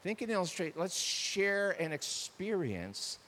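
A man's voice: sits high, measured pace, in a large hall. A man preaching a sermon about marriage, acting out arguments between spouses. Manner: animated, acts out quoted spouses. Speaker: pastor.

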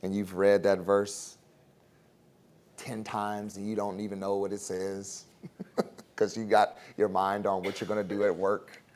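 A man's voice: fairly low pitch, completely flat delivery, a little slow, a little mellow. Chuckling conversational male Bible teacher. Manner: conversational, chuckling asides, acted-out quotes. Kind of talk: casual sermon and prayer.

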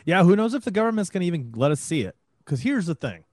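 A man co-hosting a casual podcast chat, brisk and laying out facts. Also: sits high, very animated, darkish tone, no room sound, studio quality. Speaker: podcast co-host.

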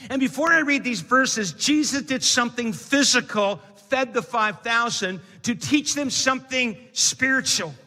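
A man preaching a sermon to a church, reading scripture and building to shouted emphasis. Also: extremely high pitch, a little slow, few pauses. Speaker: pastor. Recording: long hall reverb.

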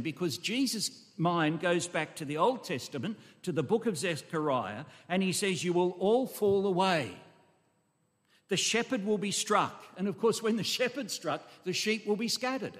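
A man preaching an expository sermon, emphatic and full of rhetorical questions and asides to his congregation. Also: high-pitched. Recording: long echo of a large hall.

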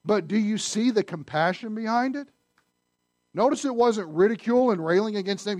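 A man preaching a sermon in a conversational way, asking the listeners questions and swinging between loud emphasis and hushed asides. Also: sits high, lively intonation, a little fast, no echo, clean studio sound. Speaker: pastor.

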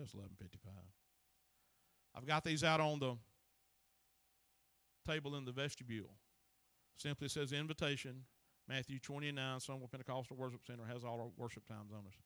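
A man's voice: medium pitch, dry recording. A man, preaching a folksy sermon that rises into emphatic bursts. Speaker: pastor.

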